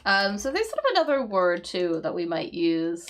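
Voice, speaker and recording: A woman's voice: lowish voice, big pitch swings. A woman teaching English vocabulary on a live crossword stream, explaining words patiently and checking in with "right?" as she goes. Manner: explains slowly with frequent "right?" checks and fillers.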